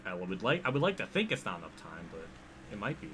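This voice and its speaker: Streaming a racing game, a man with a Pennsylvania accent gives live commentary, rambling and poking fun at himself as he reacts to chat. His lowish voice is sing-song and he talks fast, with background noise behind him.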